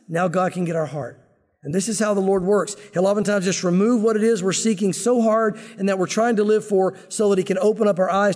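A man's voice: high voice, darkish tone, in a large hall. A middle-aged male pastor giving an expository sermon in an earnest, conversational teaching manner.

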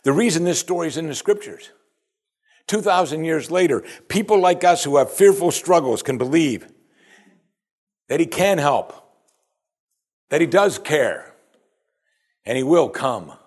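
A man's voice: on the high side, measured pace, long pauses. A man preaching a sermon as pastor, talking straight to his listeners with rhetorical questions. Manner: animated, rhetorical questions to the congregation.

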